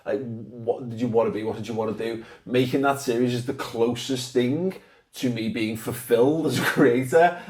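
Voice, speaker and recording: A man with a Scouse accent answering fan questions in casual, sweary, animated chat. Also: medium pitch, reverberant, recorded from a distance. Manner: sweary, animated, laughs a lot.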